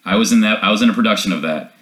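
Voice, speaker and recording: A man's voice: lowish voice, very fast, a bit bright, roomy sound. A man hosting a podcast interview, joking and laughing a lot. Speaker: podcast host. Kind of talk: casual interview chat.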